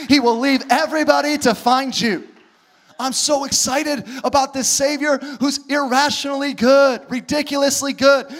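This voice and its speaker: A man with a very high voice preaching a lively sermon to his church. He acts out little conversations and swings from soft asides to shouted questions. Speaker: pastor.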